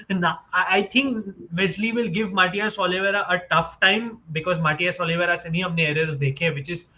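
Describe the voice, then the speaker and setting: A man's voice: high-pitched, bright, forceful tone, poor audio. A man from India co-hosting a live football chat, switching between English and Hindi and correcting himself readily. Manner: mixes English and Hindi mid-sentence; laughs easily, self-correcting. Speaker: podcast co-host. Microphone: live stream setup.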